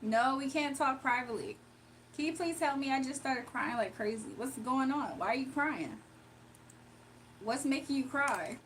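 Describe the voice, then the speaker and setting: A woman with a slightly high voice chats casually on a livestream, reading viewer comments aloud and laughing often. Faint background hiss sits under her voice. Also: lively intonation, normal speed, fairly bright tone. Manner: chatty, laughs often, answers viewers directly. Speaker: livestream host reading chat. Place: home, early morning.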